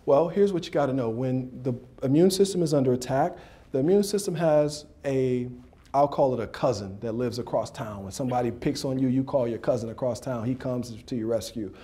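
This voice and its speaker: A man giving a motivational speech at a dinner. He tells animated stories, throws questions at the audience and adds sound effects. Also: mid-range voice, fairly quick. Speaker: motivational speaker and coach. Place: dinner banquet.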